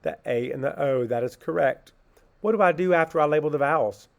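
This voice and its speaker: Slowly and patiently, a man teaches children phonics in a slightly high, creaky voice. He asks a question and answers it on his own, then sounds words out syllable by syllable.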